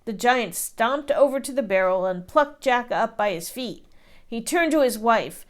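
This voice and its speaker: A woman teacher reads a children's picture book aloud. Her narration is slow and deliberate, with a lively, sing-song pitch in a slightly high voice. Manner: expressive, slow storytelling.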